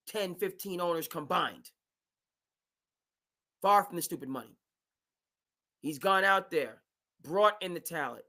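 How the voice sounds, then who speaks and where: A man hosting a live sports talk stream, talking in an animated, emphatic way and now and then mimicking team owners. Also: high-pitched.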